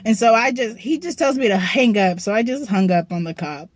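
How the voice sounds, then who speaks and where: A young woman vlogger telling a story in a casual, profane, slangy way, often clearing her throat, from a parked car. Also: medium pitch, lively intonation, fairly quick, no room sound.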